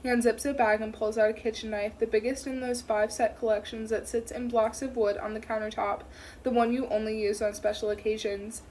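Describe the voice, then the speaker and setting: A woman narrating a first-person thriller audiobook in a tense, steady way. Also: fairly high pitch, brisk, slight background noise, low-quality recording.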